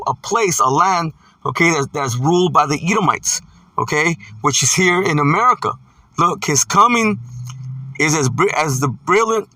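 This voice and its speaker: A man's voice: fairly high pitch, sharp tone, no echo, distant mic. A man preaching a scripture sermon, reading verses aloud and stressing points with "see" and "man". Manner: emphatic, punctuates with "see" and "man".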